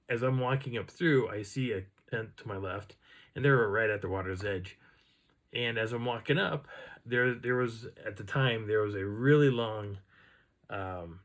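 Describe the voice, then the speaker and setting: Low-voiced man telling a woods story. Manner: rambling, animated, imitates sounds he heard. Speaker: outdoor storyteller. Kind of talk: casual first-person storytelling.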